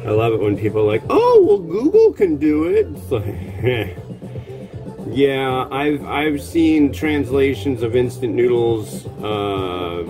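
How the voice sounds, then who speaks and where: A man hosting a cooking show, chatting casually in a rambling, wry, offhand way. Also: on the low side. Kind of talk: casual chat while cooking. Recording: music playing underneath.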